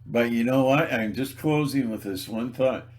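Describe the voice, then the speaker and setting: A man's voice: mid-range voice, moderate pace, a little mellow. A man video blogging in a rambling, theatrical, joking monologue.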